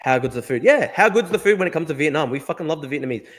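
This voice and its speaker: Fast-talking, emphatic Australian man. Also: a little high, expressive. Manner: emphatic, profane, repeats himself. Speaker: livestream host. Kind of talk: casual political livestream talk.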